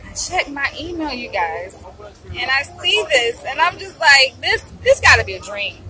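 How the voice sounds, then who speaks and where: A woman talking casually and excitedly to her viewers in a vlog, gushing and calling them y'all, with food in her mouth. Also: sits high, normal speed, a crowd in the background, low-quality recording. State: eating while talking. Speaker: vlogger.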